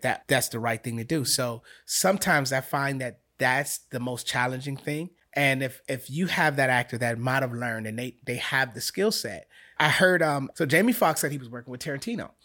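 A man's voice: mid-range voice, bright, forceful tone. A man, a guest acting coach, talking casually in an interview and coaching by repetition.

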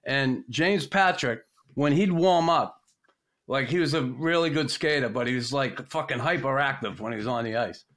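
A man's voice: medium pitch, moderate pace, fairly bright tone. A man hosting a podcast, telling profane locker-room anecdotes in a casual, laughing way. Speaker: podcast host. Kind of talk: casual storytelling chat.

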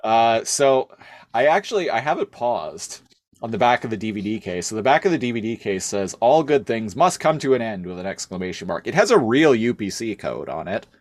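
A man with a fairly low voice co-hosts a relaxed conversation. He hesitates often, restarts his sentences and laughs between thoughts. The recording is close and dry, with no room sound. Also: dry recording. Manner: halting, many fillers and restarts, laughs often. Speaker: podcast co-host. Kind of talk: casual chat.

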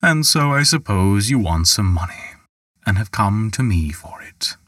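A man's voice: lowish voice, very animated, a little slow, a bit bright, dry recording, clean studio sound, exaggerated voice. A man voicing a sly, greedy male raftsman who deals in magic, talking in a smug, coaxing way.

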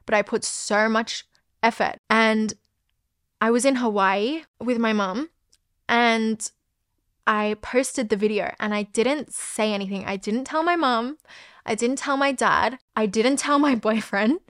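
A woman's voice: on the high side, measured pace, fairly bright tone, no room sound, studio quality. A young woman, hosting a podcast and telling a personal story in a candid, chatty way, full of "like" and the odd swear word. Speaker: podcast host.

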